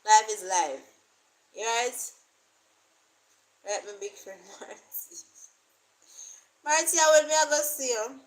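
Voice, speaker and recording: A woman's voice: high voice, unhurried, pauses often, low-quality recording. A Jamaican woman vlogger chatting casually to camera, rambling and repeating herself as she thinks aloud.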